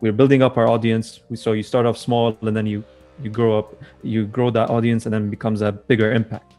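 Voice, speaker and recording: A man's voice: lowish voice, little pitch movement, a little fast, warm tone, faint music behind. A young man co-hosting a podcast, talking casually in a rambling, hesitant way and correcting himself as he goes. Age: young adult. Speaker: podcast co-host. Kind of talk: casual chat.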